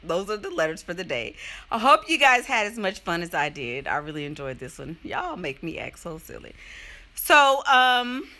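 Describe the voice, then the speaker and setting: Lively, bright-voiced woman giving sassy advice. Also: fairly low pitch, moderate pace. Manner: playful, laughing, sassy. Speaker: advice vlogger answering letters. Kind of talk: casual advice chat.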